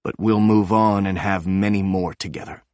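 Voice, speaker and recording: A man voicing a steady, loyal male friend who argues calmly and speaks resolutely. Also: low-pitched, moderate pace, no echo, studio quality, lightly acted. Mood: solemn. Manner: reasoning, resolute.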